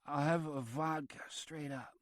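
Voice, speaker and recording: A man's voice: on the high side, steady tone, unhurried, dry recording, clean studio sound, lightly acted. Man voicing a panicked bandaged film star. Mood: dazed, pleading. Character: frightened male film star after surgery.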